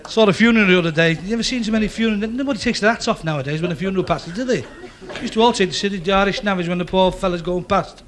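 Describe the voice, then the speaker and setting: A man's voice: sits high, racing, hardly any pauses, a bit bright. A man doing chatty stand-up, teasing the audience and repeating his punchlines. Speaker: stand-up comedian. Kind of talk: stand-up routine. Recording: hissy old club recording with crowd. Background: audience laughter and chatter.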